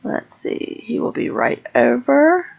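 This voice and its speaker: Woman, casual gameplay commentary, chatty, slow unhurried delivery, gravelly fry, higher voice. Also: huge pitch swings, lo-fi sound. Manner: chatty, voices her Sim's reactions in quick asides. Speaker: gaming YouTuber. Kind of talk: casual Let's Play commentary.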